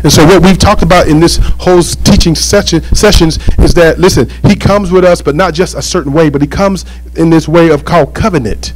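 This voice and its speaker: A man preaching a sermon as pastor, animated and joking, with call-and-response asides to the congregation. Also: a little high, a little fast, hardly any pauses, faint music behind, rough recording.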